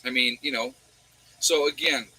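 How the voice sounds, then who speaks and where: A man's voice: mid-range voice, steady tone, moderate pace, bright, forceful tone, husky, no echo, rough recording. A man with a New York accent hosting a livestream and answering viewer chat in a rambling way, often asking his audience rhetorical questions. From New York State.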